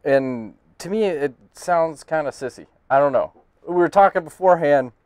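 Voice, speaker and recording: A man with a slightly higher voice than most talks bluntly and profanely in casual podcast chat. He is recorded up close in a dry room. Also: moderate pace, a little mellow, smooth, no room sound. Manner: profane, blunt, laughing banter. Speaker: podcast host.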